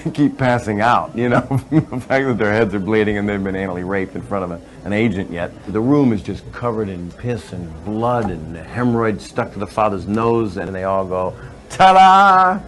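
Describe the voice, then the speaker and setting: A man's voice: fairly low pitch, normal speed, few pauses, slight background noise, poor audio. A male comedian telling a crude joke in rambling stand-up style, laughing through it and breaking off to restart.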